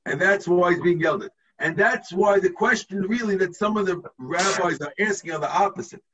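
A man's voice: high-pitched, fairly quick, fairly bright tone, far from the mic, dull audio, slight background noise. A man, a rabbi, teaching a text to his students over a video call, explaining step by step and checking in with the class.

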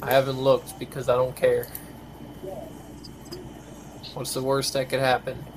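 A man's voice: medium pitch, completely flat delivery, measured pace, noisy background. Grumbling, tired man hosting a podcast. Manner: grumbling, swears often. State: tired, yawning. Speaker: podcast host. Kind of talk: casual chat.

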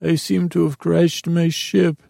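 A man voicing a clumsy, apologetic young boy space commander in a storybook tale, in a high squeaky boyish voice. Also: flat delivery, a little slow, gravelly, warm tone, no room sound, clean studio sound. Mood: flustered. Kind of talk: storytelling bedtime fable.

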